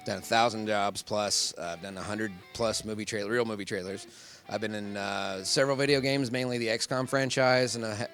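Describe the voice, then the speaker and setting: A man's voice: fairly low pitch, fairly bright tone. A man who works as a professional voice actor, talking in a casual convention interview, rambling and laughing often.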